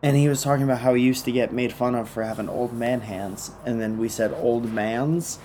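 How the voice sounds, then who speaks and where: A man's voice: mid-range voice, fairly even intonation, a little fast, mellow, slight background noise. A man co-hosting a casual podcast, full of teasing jokes. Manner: joking, teasing banter. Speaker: podcast co-host.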